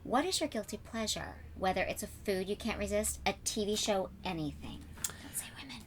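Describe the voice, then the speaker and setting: A woman's voice: mid-range voice, animated, a little fast, a little hiss or hum. A woman interviewing a guest in a trailer on a TV set, bubbly and teasing, with playful asides.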